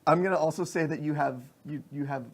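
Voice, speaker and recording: A man's voice: fairly high pitch, fast talker. A man narrating as game master of a tabletop role-playing game, rambling with many fillers.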